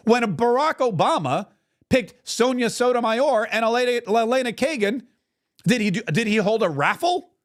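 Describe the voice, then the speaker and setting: Male commentary host with a high voice, mocking and emphatic delivery. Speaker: podcast host. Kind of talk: political commentary.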